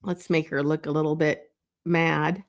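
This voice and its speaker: A woman slowly talks through a drawing as she makes it, in an unhurried, unpolished way. She muses aloud, restarts sentences and adds small asides to her viewers. The tone is easygoing, like a teacher sketching beside you. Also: low voice. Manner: thinks aloud while drawing, meandering and self-correcting; relaxed and chatty, with light laughs. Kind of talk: live drawing demonstration.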